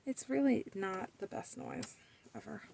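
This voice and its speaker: Woman sewing and chatting to herself, gravelly voice, sewing machine clatter behind, casual tutorial talk. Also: mid-range voice, unhurried, noisy background. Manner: talks to herself and the fabric while sewing, playful scolding. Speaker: DIY sewing tutorial host.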